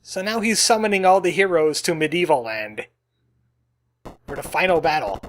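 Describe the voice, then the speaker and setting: There's a little hiss or hum on the recording of this man, whose voice is a touch high and whose pace is moderate. As the let's play host for the channel, he casually talks over the game he's playing, chatty and joking, sometimes adopting a cowboy voice, over faint game music.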